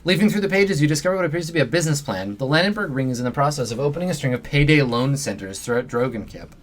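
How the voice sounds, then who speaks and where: A man's voice: fairly high pitch, lively intonation, racing. A man hosting a live let's play, reading game narration aloud in a playful manner.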